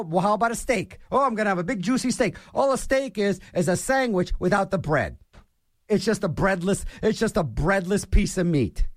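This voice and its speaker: A man's voice: high-pitched, no room sound, studio quality. A man from Pittsburgh hosting a show, delivering a playful, mock-argumentative comic rant.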